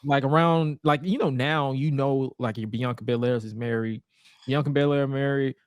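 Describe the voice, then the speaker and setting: A man in his thirties co-hosting a podcast, telling stories in a casual, animated way, swearing freely and using lots of fillers. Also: medium pitch, moderate pace, smooth, no echo. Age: 30s. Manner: animated, profane storytelling with many fillers. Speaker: podcast co-host. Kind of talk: casual chat.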